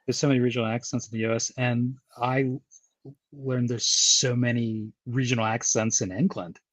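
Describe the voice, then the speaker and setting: A man's voice: mid-range voice, steady tone, normal speed, dry recording. An American man from Baltimore hosting a podcast interview, chatting casually and rambling, with lots of repeated words and restarts. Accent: American, with a touch of New York. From Baltimore, USA. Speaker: podcast host.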